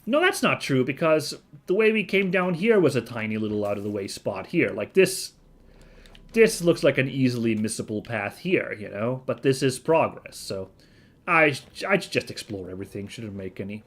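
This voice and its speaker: A gaming video host with a mid-range, fairly bright voice and big pitch swings talks at normal speed through a casual let's-play. He's chatty and thinks aloud, with frequent fillers and self-corrections.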